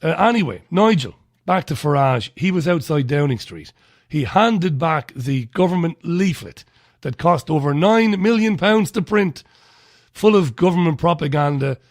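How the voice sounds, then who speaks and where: An Irish man hosts a talk radio show, his voice sitting a little higher than most men's. He talks bluntly and scornfully, recorded close and dry with no room sound. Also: a little mellow, no room sound.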